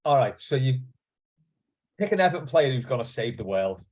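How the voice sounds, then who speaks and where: Husky host tossing questions around. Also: male voice, mid-range voice, sing-song, darkish tone. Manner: brisk, quips and hands over to guests. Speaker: podcast host. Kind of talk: casual chat.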